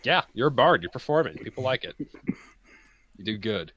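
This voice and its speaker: A young man running a tabletop role-playing game, narrating with lively energy and frequent laughter. His voice sits at a middle male pitch. It comes through an online video call. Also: breathy edge, no room sound, dull audio. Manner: lively, laughing, quick asides. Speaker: game master.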